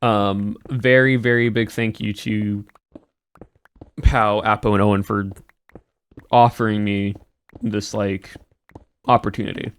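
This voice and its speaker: A man with a somewhat low voice chats casually on a live stream. He rambles a little and restarts his sentences as he responds to viewers. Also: level tone, takes it slowly, long pauses, clear, resonant tone. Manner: chatty and rambling. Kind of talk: casual stream chat, answering chat.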